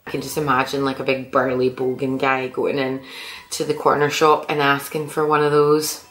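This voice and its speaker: A woman vlogger talks to camera in a low-pitched, easygoing voice. She chats in an animated, slightly sweary way. The sound is roomy, with a clear echo. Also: normal speed. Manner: chatty and animated, with mild swearing. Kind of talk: casual chat to camera. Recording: echoey room.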